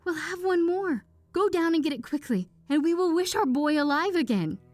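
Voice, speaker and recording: A woman voicing a frantic, grieving old mother who pleads in a high, shrill voice. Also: lively intonation, a little slow, no room sound.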